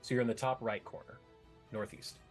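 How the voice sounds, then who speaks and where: A man with a husky, slightly breathy voice runs a tabletop game as game master. He talks casually, stumbles over his setup and swears when flustered. Faint music plays behind him. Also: mid-range voice, flat delivery, a little fast. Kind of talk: running a tabletop game online.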